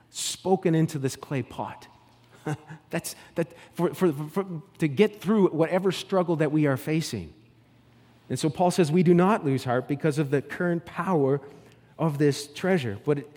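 A man preaching a sermon, moving from loud declarations to soft, hushed passages and acting out the scenes he tells. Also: on the high side, big-room sound. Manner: acts out the scenes he tells, with repeated words and restarts. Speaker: pastor.

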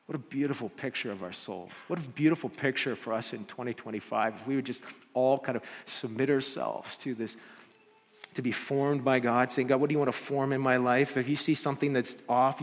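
A man's voice: mid-range voice, steady tone, a little fast. A man preaching a sermon as pastor, often repeating words and building to fervent appeals. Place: church. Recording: church hall reverb.

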